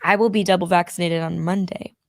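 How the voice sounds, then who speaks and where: A woman co-hosting a casual call-in show, hoarse from losing her voice, chatty and reassuring. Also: lowish voice, fairly even intonation, a little fast, dry recording, clean studio sound. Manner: chatty, reassuring, laughs often. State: hoarse, recovering from lost voice. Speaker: co-host.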